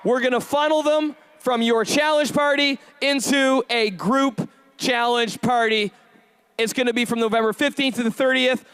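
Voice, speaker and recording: A man giving a high-energy stage pep talk, rallying the crowd with call-and-response questions and shouted bursts of hype. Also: fairly even intonation, moderate pace, clean tone. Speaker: motivational event speaker.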